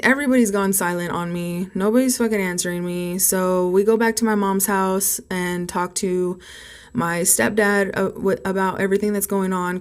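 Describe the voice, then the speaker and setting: A young woman telling a storytime vlog, rambling and swearing heavily, flaring up loud when angry. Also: on the low side. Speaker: vlogger.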